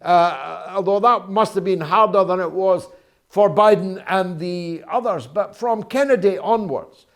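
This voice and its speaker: A man hosting a political interview, speaking in a measured way with frequent pauses. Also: high-pitched. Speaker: interview host.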